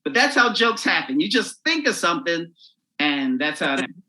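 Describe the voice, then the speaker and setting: A man, a comedian, telling a crude, animated story while chatting as a podcast guest. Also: fairly high pitch, fairly quick, low-quality recording.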